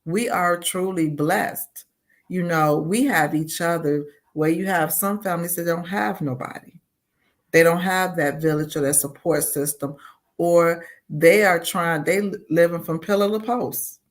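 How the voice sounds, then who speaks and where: A woman's voice: fairly low pitch, a little slow. Heartfelt woman guest, lots of "you know". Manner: heartfelt, repeats "you know", voices her own thoughts aloud. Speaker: guest, community advocate. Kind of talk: earnest conversational interview.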